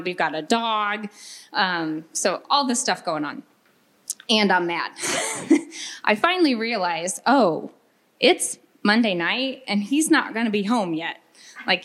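A woman in her thirties telling an audience a candid, animated story from her own family life. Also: medium pitch. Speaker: workshop speaker.

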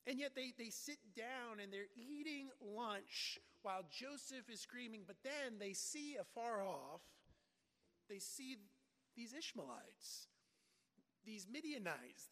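A man preaching with dramatic emphasis, often repeating words as he presses a point home. His voice sits high for a man. A long reverb hangs after each phrase, as in a large hall. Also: expressive, takes it slowly, sharp tone. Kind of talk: sermon.

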